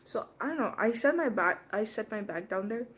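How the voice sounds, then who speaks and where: A woman's voice: medium pitch, animated, a little fast, very noisy. Rambling teen girl telling a story. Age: teens. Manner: rambling, full of "like" and self-corrections. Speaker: vlogger. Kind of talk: casual storytelling vlog. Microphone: front phone camera.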